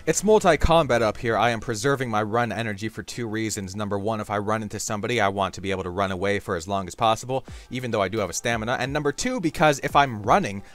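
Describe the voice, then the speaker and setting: A young man giving playful, rambling commentary on his own gameplay, talking to the viewer with sudden loud outbursts. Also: on the low side. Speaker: gaming YouTuber.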